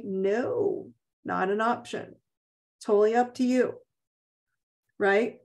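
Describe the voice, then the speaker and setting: A woman hosting a live online self-help session, talking bluntly and emphatically and repeating her key phrases. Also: on the high side. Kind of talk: live motivational coaching talk. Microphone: video call.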